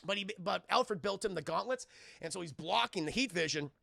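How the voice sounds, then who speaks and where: A man live-streaming a film review, excitable and profane, laughing often and chatting with his viewers. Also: high-pitched, brisk, creaky, dry recording. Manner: acts out scenes in exaggerated voices.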